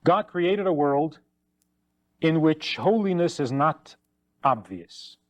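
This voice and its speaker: A man's voice: expressive, slow, dry recording. A man, a rabbi, giving a teaching talk, telling stories and acting out the voices of the people in them. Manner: storytelling, acts out quoted voices with rising pitch.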